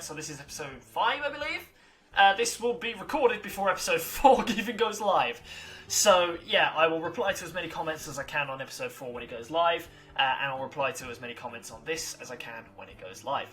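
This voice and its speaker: A gamer giving let's-play commentary and reading a visual novel aloud, animated and self-deprecating. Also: medium pitch.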